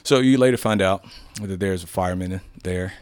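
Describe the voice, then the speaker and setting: A police sergeant from Chicago's South Side tells his story candidly in an interview, his voice low-pitched and clean at a moderate pace, captured in a dry recording. He acts out the dialogue as he goes, retelling things animatedly with quoted lines and frequent restarts.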